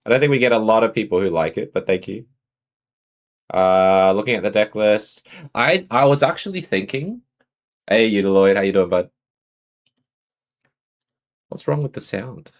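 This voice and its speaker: A man's voice: on the low side, animated, normal speed, pauses often. A man with an Australian accent chatting casually on a live stream, greeting and answering his viewers.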